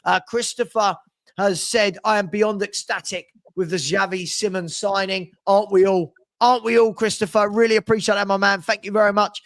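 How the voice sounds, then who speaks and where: A man's voice: sits high, moderate pace, dry recording. A man hosting a fan live stream, reading out super chats and bantering with viewers. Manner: chatty, animated, banters with viewers.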